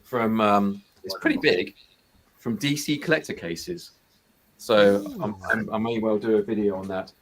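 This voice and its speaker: A man talks on a video call in a low voice. He hesitates often and fills gaps with ums, sounding unhurried. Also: vocal fry, crowd noise. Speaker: toy collecting YouTuber. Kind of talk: casual video call chat.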